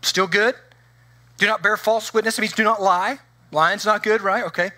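A man's voice: high voice, steady tone, normal speed, sharp tone, no echo. A man preaching a conversational sermon as pastor, often acting out the voices of the people he quotes.

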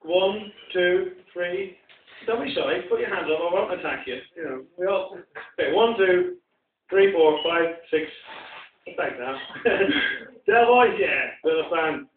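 A man with a London accent rambles through a stand-up set, bantering loosely with the crowd. His voice sits a little high for a man. The recording sounds distant, tinny and echoey, as if taken from across the room. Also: expressive, a little slow. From England. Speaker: stand-up comedian. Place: small pub venue with live audience.

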